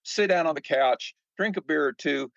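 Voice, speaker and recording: A man's voice: on the high side, normal speed, vocal fry, no echo, highs cut off. A man in his seventies, a podcast guest, telling stories in a chatty, casual way, often repeating words and acting out quoted remarks. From United States. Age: 70s. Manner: frequent fillers and repeated words. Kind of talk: casual conversational storytelling.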